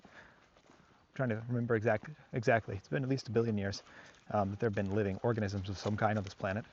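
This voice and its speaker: A man's voice: lowish voice, fairly even intonation, quick pace, dull audio, slight background noise. A man working as a dog trainer, talking casually to the camera on an outdoor walk, rambling and reflective with many fillers.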